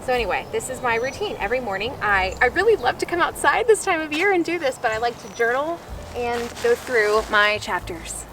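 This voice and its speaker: Young woman vlogger, high-pitched, gushing and excitable, soft music under. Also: a little fast. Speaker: lifestyle vlogger. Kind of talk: casual chat to camera. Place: home, also outdoors.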